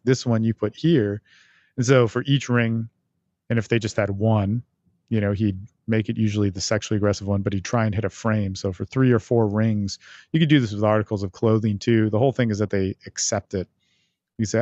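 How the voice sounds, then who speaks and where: Rambling man, low dry voice. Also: a little mellow, no room sound, lo-fi sound. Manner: loose, rambling, acts out quoted lines. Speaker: podcast host. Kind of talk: casual instructional talk.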